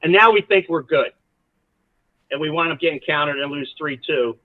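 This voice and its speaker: As a podcast guest, a college soccer coach tells sprawling, lively stories dotted with asides. His voice is on the high side at a moderate pace, with no room sound and a tinny, phone-like tone.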